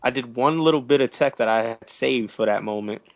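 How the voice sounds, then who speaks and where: A man guesting on a gaming podcast, talking in a relaxed, casual way with lots of "like". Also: medium pitch, a little fast, dry recording. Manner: relaxed, says "like" often, laughs. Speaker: podcast guest, competitive player. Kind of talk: casual podcast chat about fighting games. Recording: dull lo-fi audio.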